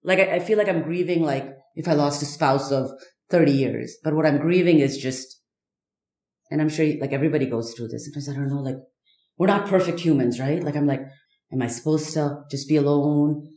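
A woman speaking candidly as a podcast guest, halting and searching, with many fillers and restarts. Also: deep voice, a little mellow, roomy sound. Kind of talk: candid personal conversation.

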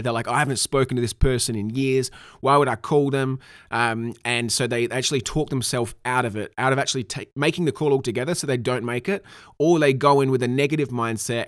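A man teaching real estate sales calls in an emphatic, energetic coaching tone. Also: mid-range voice, dry recording, clean studio sound. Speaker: sales trainer. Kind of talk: instructional talk.

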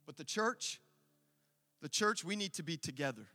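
A man preaching an impassioned sermon as pastor in a church, loud and rousing, leading his congregation in call-and-response. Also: high-pitched, expressive, normal speed, pauses often, big-room sound. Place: church sanctuary.

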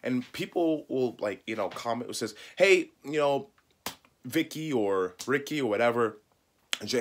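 A man's voice: medium pitch, animated, a little slow. A man coaching loan officers on marketing, talking emphatically and pleading with listeners, often acting out sample calls and messages. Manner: emphatic, pleading, repeats points; acts out sample calls and texts. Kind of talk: direct-to-camera teaching talk.

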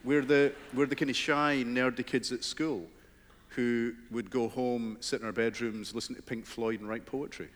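A man's voice: mid-range voice, fairly even intonation, moderate pace. Scottish man, middle-aged, guest author, self-deprecating, stammering restarts, long hall reverb. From Scotland. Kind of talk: onstage conversation. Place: large hall with live audience.

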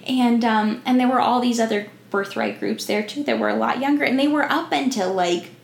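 A woman's voice: a little high, sing-song, a little fast, vocal fry. A woman in her twenties co-hosting a podcast, telling a travel story in casual chat with lots of "like" fillers. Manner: chatty storytelling, many "like" fillers. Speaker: podcast co-host. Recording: echoey room with faint noise.

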